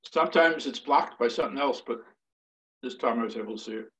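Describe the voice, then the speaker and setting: Dry-humored man, halting on a call. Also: medium pitch, fairly bright tone, rough recording. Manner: dry joking, halting with many fillers. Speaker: community committee member. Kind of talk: casual chat over a call. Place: at home at a computer. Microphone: computer speaker and mic on a call.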